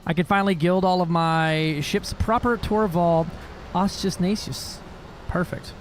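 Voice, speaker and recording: A man's voice: high-pitched, moderate pace, slight background noise. A man streaming a space game, chatting casually with viewers in a joking, profane way. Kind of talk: casual gaming livestream chat.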